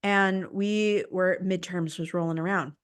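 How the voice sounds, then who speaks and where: A young woman hosting a podcast, telling a personal story in an animated, dramatic way. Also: fairly low pitch, measured pace, clean tone. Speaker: podcast host. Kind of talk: casual storytelling chat.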